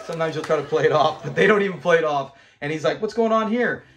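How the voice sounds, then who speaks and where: A man's voice: a little high, racing, noisy background. A man hosting a fan channel, chatting casually and animatedly as he recaps a classic sitcom episode, rambling and chuckling often. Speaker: fan commentary host.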